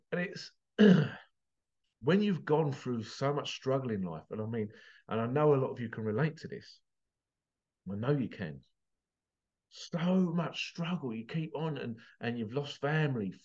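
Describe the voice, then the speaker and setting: A man's voice: medium pitch, expressive, moderate pace, a little mellow. Guy doing an emotional motivational vlog, swears a lot, gets choked up, kinda muffled audio. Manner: passionate, swears, voice breaking with emotion. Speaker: motivational vlogger.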